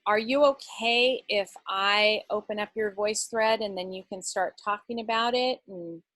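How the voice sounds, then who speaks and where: A woman's voice: mid-range voice, unhurried, fairly bright tone, no echo. Chatty woman leading an online workshop. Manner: encouraging, chatty, rambling. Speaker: workshop facilitator. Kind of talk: casual online workshop talk.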